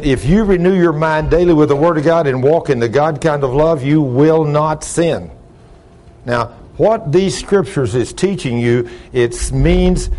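An older man preaching a folksy sermon, talking loud and gruff, telling plain-spoken stories and asking the congregation questions. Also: on the high side. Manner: loud, gruff, rising into shouts when acting out stories; plain-spoken, ungrammatical storytelling with audience questions.

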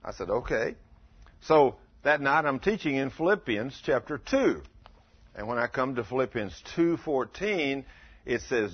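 A man's voice: mid-range voice, very animated, a little slow, husky, lo-fi sound. A man preaching a sermon, telling a story in a folksy way and asking the congregation questions. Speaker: pastor.

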